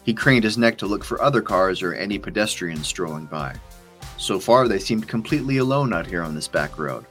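A man, the author, reading his spy thriller aloud in a steady, measured narration. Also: sits low, soft background music. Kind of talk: scripted audiobook narration.

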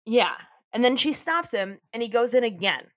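On a studio-quality recording with no room sound, a woman with a high-leaning, fairly bright voice talks at a moderate pace and is very animated. She's co-hosting a podcast, casually recapping a TV episode while laughing a lot and cursing without restraint.

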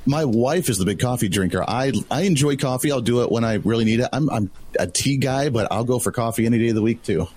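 A man's voice: mid-range voice, fast talker, few pauses, a little mellow, a little hiss or hum. A man appearing as a guest on a talk radio show, speaking in a laid-back, agreeable way. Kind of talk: casual radio chat.

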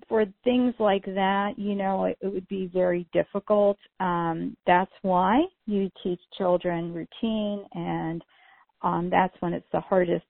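A middle-aged woman talks casually on a podcast, telling stories with many fillers. Her voice sits a little low and sounds gravelly. The recording is dry and thin, like a phone line. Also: no echo. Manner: chatty, storytelling, many "you know" fillers. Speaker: podcast co-host.

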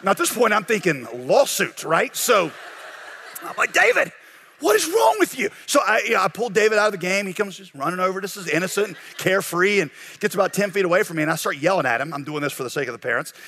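A man preaching as a pastor, telling a lively story and acting out shouted lines before turning to a quieter lesson. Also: sits high, quick pace, slight background noise. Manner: animated storyteller, acts out shouted quotes. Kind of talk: sermon with a told story.

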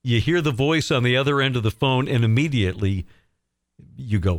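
A man's voice: medium pitch, fairly quick, no room sound, studio quality. A man hosting a radio show, upbeat and appreciative in interview and chat. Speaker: radio host.

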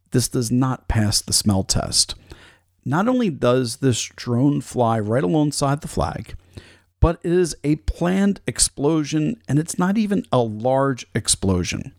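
A man's voice: a little high, creaky, no echo. Male host, loose chatty commentary, dry unroomy mic. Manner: casual, chatty, with fillers. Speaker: podcast host.

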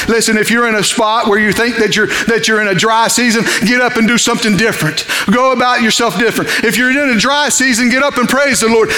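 A man preaches, his voice sitting high for a man. He reads scripture and breaks into acted lines for the people in the story, rising and dropping as he goes. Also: fast, hardly any pauses, echoey room. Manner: animated, dramatizes scripture with character voices. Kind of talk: sermon.

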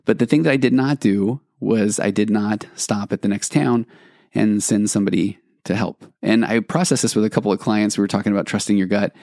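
A male podcast host with a fairly low voice tells a personal story in a reflective way. He wanders and restarts his sentences as he goes. The sound is dry and close, with no room echo. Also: steady tone, a little fast, creaky, a little mellow. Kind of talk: storytelling monologue.

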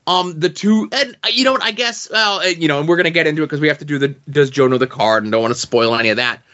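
A man's voice: on the high side, fast, a bit bright, dull audio. A man co-hosting a wrestling podcast in casual chat, hesitant and full of fillers and restarts. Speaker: podcast co-host.

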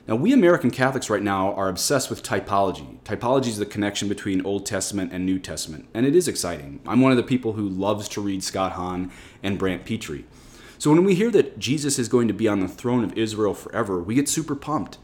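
A Catholic priest preaches in a lowish voice, leaning hard on his key words and swinging them up for emphasis. His delivery is a forceful pulpit sermon.

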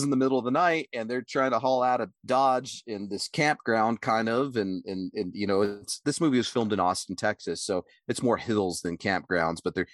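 A man's voice: lowish voice, normal speed, hardly any pauses, no echo, clean studio sound. A man co-hosting a podcast in casual, profane talk, rambling through a story and acting out quotes in a raised voice. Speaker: podcast co-host.

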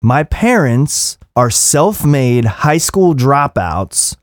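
A man's voice: mid-range voice, sing-song, extremely slow, no echo, studio quality. A man in his thirties ranting in an impassioned, profane monologue as a podcast host. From Philadelphia area.

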